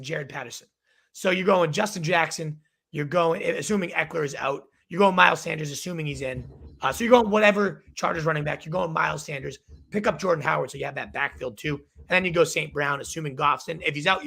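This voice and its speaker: Young male host, rapid-fire calls, bright husky voice with gravelly fry, going hoarse. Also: a little high. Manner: energetic, quick verdicts. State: losing his voice. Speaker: fantasy football show host. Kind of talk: rapid-fire live advice show.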